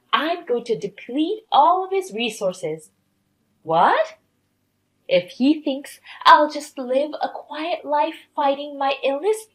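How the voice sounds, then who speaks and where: A sick young wife pleads in a high, whining voice, bitter and spiteful underneath, as a woman narrator puts her on. Her tone swoops widely as she complains. It is a storybook drama read aloud. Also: a bit bright, heavily acted. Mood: vengeful.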